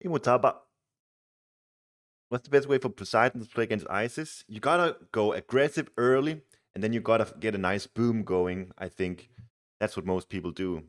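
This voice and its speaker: Young male streamer, deep voice, chatty and easygoing while playing. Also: moderate pace. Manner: chatty, reads chat aloud, laughs easily. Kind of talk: casual live game commentary.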